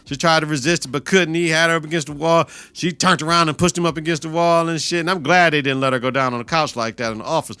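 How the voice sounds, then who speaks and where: A man hosting a reaction podcast, retelling a TV episode in a profane, animated way with laughs and mock outrage. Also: a little high, quick pace, hardly any pauses, clean tone, dry recording. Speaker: podcast host.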